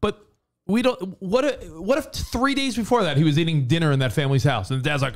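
A man co-hosting a casual podcast, talking in an excitable way, swearing freely and jumping in with quick remarks. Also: a little high. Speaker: co-host.

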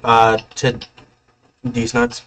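Male gamer, lively swooping pitch, teasing meme-quoting chatter, casual gaming banter. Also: drawn-out words, slight background noise. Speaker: friend playing with the streamer.

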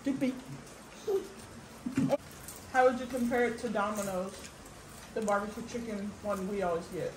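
A woman's voice: medium pitch, moderate pace, long pauses. A woman hosting a family vlog, chatting casually as she tastes and describes dishes at a restaurant table. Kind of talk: casual food review chat. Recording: echoey room with background noise.

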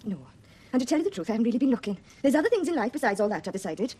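A woman's voice: on the high side, very animated, rapid-fire, dark tone, husky. A sensible, down-to-earth woman. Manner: plain, matter-of-fact. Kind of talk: 1970s TV period drama acting.

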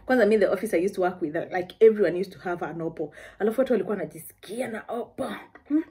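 Mellow, husky Kenyan woman vlogger. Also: medium pitch, fast. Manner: chatty, with frequent asides. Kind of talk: casual storytelling.

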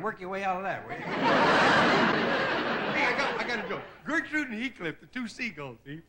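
A high, bouncy male voice runs through a comedy monologue on a studio stage, chuckling at his own punchlines and jumping in and out of funny voices. The old television recording carries a heavy layer of hiss under everything. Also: sing-song. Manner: chuckles at his own jokes, switches into quick character voices. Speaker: comedian host. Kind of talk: stand-up monologue on a TV variety show. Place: TV studio stage before a live audience. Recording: loud hiss on a 1960s TV broadcast.

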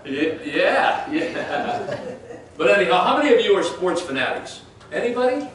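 A man's voice: high voice, sing-song, normal speed, a bit bright. A male pastor preaching a sermon, talking in a conversational way and questioning the congregation. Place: church sanctuary. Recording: echoey church room from far off.

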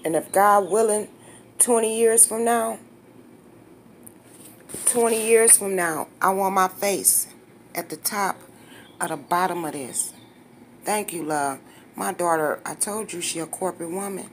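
A woman's voice: medium pitch, unhurried, long pauses, a little hiss or hum. A woman in her fifties talking straight to her viewers in a casual vlog, blunt, candid, slangy and emotional. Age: 50s. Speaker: vlogger.

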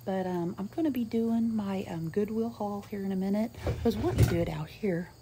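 A woman talks through a casual home vlog on a handheld camera, full of ums and small asides. Her voice sits at an ordinary pitch, and clear background noise runs under the recording. She sometimes drops to a whisper. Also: a little fast. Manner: chatty, rambling, many "um"s. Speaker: vlogger. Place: at home, inside and in the yard.

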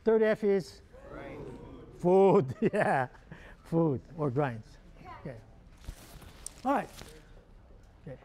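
Joking Hawaiian Pidgin man, high voice. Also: lively intonation, takes it slowly, long pauses, darkish tone. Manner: joking, quizzes the audience with call-and-response questions. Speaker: keynote speaker. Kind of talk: humorous motivational keynote.

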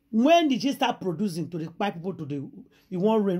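A woman's voice: mid-range voice, sing-song, brisk, warm tone, breathy edge. A woman with a Nigerian accent, hosting a gossip channel and retelling a story dramatically in Pidgin, with repeated exclamations.

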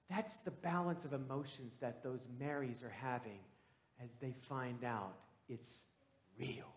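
A man who is a pastor, telling a story, growing hushed and then loud as the story turns. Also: sits high. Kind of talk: storytelling sermon. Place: church sanctuary. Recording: echoey church room.

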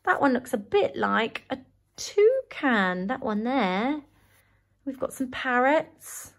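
A woman teacher reading a picture book aloud to young children, animated and enthusiastic, often gasping in delight. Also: sits high, slow pace.

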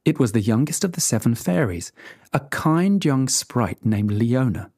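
A storyteller reading a fairy tale aloud in an expressive, animated way for English learners. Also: mid-range voice, unhurried, no room sound, studio quality.

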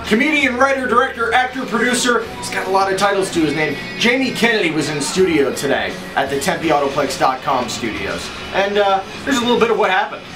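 A radio host man delivers his show intro in a bright announcer style, his voice sitting high for a man. He sounds set back from the mic in a roomy space. Music plays clearly underneath him. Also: sing-song, fairly quick, few pauses. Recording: roomy, distant, over music.

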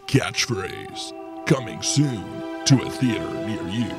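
A man voicing a solemn movie-trailer narrator who speaks very slowly and dramatically. His voice sits fairly low. Loud music swells behind him. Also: expressive, creaky, exaggerated voice. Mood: dramatic. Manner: slow, dramatic trailer delivery.

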